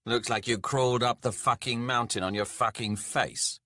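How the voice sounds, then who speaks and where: A man growling as loud, scornful dwarf lords. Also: medium pitch, fairly even intonation, moderate pace, voice pushed up, close to an everyday voice. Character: brutish gruff male dwarf lords, impatient and contemptuous. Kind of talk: audiobook character voice.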